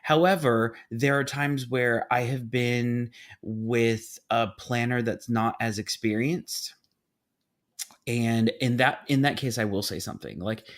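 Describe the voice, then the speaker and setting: A man's voice: medium pitch, unhurried. A man hosting a casual podcast, telling stories with dramatic asides and acted-out voices. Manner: animated storyteller, acts out voices, dramatic asides. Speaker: podcast host, event business owner.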